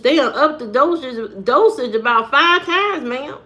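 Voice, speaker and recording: A woman's voice: high voice, animated, measured pace, sharp tone. A woman vlogger giving a blunt, preachy monologue and firing off rhetorical questions. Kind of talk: preachy straight-to-camera monologue.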